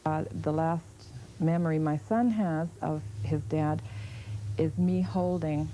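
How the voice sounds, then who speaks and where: A woman's voice: sits low, steady tone, takes it slowly, dark tone, slight background noise, rough recording. A woman giving personal testimony in a documentary interview, plain-spoken and direct.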